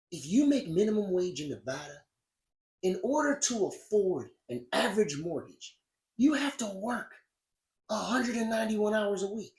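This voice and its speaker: A man's voice: high-pitched, sing-song, normal speed. A man hosting a podcast, giving blunt, profane political commentary that grows heated and emphatic. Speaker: podcast host. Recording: roomy echo.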